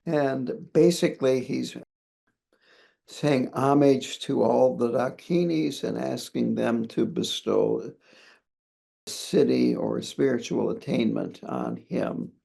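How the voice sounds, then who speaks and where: A man, a Buddhist lama, explaining a scripture line by line in a measured, pausing way. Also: medium pitch, creaky, mellow, breathy edge. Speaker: Buddhist lama teaching a text. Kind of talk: commentary on a scripture.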